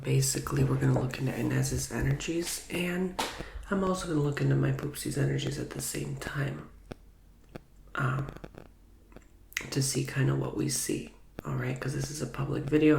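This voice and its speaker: A man gives a whispered ASMR tarot reading in a soft, casual way. His voice is nasal and a little stuffy from a recent illness, with a gravelly, creaky edge. The recording sounds roomy and echoey. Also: medium pitch, a little hiss or hum. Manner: soft, casual, with many fillers. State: recovering from illness, slightly stuffy.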